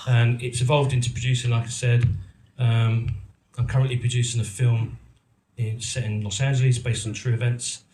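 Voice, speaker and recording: A man's voice: mid-range voice, flat delivery, moderate pace, hardly any pauses, darkish tone, reverberant, a little hiss or hum. Rambling middle-aged man at a live event. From England. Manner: rambling and self-mocking, many ums and restarts. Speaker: actor and producer giving a talk. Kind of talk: casual storytelling to a live audience. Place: event venue in a roomy hall.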